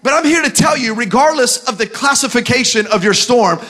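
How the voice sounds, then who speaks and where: Male pastor, very high voice, preaching, shouts and call-and-response. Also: lively intonation, fairly quick. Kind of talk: sermon. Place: church service.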